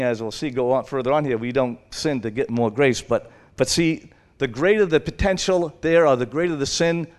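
A man's voice: medium pitch, clear, resonant tone. A male preacher giving a conversational Bible teaching, informal and rambling, often acting out little dialogues.

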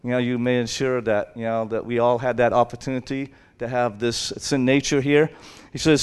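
A man's voice: medium pitch, steady tone, moderate pace, smooth. A male preacher giving a conversational Bible teaching, informal and rambling, often acting out little dialogues.

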